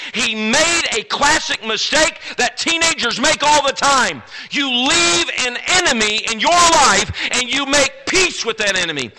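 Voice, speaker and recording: Emphatic preacher with a bright, tense voice. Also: male voice, sits high, slight background noise, low-quality recording. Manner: emphatic, swings from loud declarations to hushed drawn-out words; commands and banters with the audience. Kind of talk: sermon to teenagers. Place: church sanctuary before a congregation.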